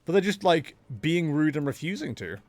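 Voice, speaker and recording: Lively rambling streamer guy. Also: fairly high pitch, normal speed. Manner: rambling, joking, talks himself into ideas. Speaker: game streamer. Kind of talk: casual live-stream chatter while gaming.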